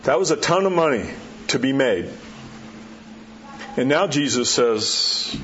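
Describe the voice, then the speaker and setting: A pastor giving a sermon in a conversational way, acting out the quotes and dropping his voice low to drive points home. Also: expressive, a little slow, long pauses, fairly bright tone. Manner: conversational preaching, acts out quotes, drops low for emphasis. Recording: dull muffled sound with faint background hiss.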